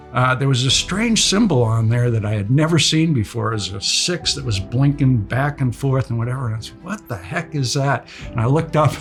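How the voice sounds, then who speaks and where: An older man, a retired naval aviator, recounting a combat mission in a relaxed storytelling way with many fillers. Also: mid-range voice.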